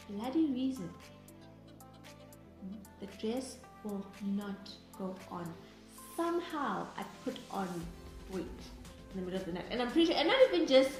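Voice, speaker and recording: A woman, dramatically retelling a story in casual chat, with restarts and bursts of laughter. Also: medium pitch. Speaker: co-host of a couple's channel. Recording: very echoey room with faint music.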